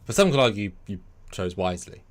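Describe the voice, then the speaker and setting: A man co-hosting a casual livestream, telling a silly story in a rambling, animated way. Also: lowish voice, brisk. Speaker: co-host.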